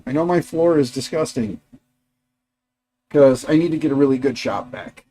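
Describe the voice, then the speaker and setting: A man's voice: medium pitch, moderate pace, long pauses, warm tone. A middle-aged man hosting a casual livestream from his garage workshop, rambling chattily and talking to his dogs and viewers. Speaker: livestream host.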